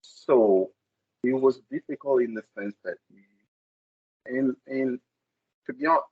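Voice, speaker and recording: A man speaks reflectively in a casual panel discussion, pausing as he searches for words. His voice is husky, and the sound is very dry and close. The audio is dull and lo-fi. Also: mid-range voice, no room sound.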